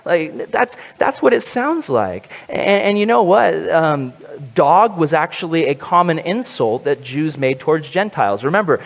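A pastor giving a conversational sermon, animated and joking. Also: male voice, a little high, moderate pace, gravelly. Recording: long hall reverb.

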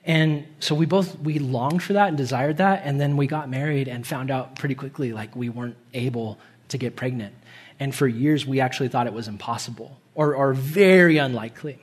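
A young man preaching a sermon in a church, casual and animated, laughing often and acting out quotes in a higher voice. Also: brisk, husky. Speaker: pastor. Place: church hall.

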